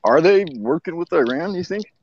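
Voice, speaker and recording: A man's voice: on the high side, expressive, moderate pace. A man co-hosting a casual podcast chat, chiming in with short remarks and questions. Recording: dull lo-fi with faint noise.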